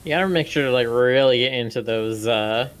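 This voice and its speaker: A man's voice: mid-range voice, brisk, a bit bright, slight background noise. A man joking and trading trivia in a casual chat on a game stream.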